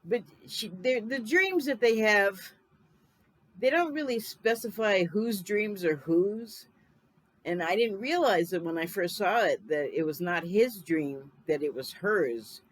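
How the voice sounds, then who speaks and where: A woman's voice: medium pitch, lively intonation, unhurried, poor audio. A woman in her fifties casually recapping a film. She rambles, corrects herself mid-sentence and laughs often. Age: 50s. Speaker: film reviewer.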